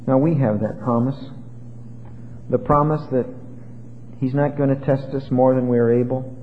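A man preaching a sermon, swinging between loud exhortation and soft hushed asides, quoting scripture in old-style wording. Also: medium pitch, steady tone, unhurried. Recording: tinny phone-like sound with long hall reverb and faint hiss.

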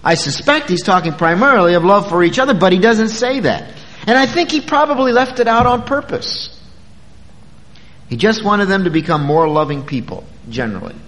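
A long sanctuary reverb trails behind a pastor giving a brisk sermon. His voice is high and lively, rising and falling, and he speaks conversationally to the congregation, drawing out important words to stress them.

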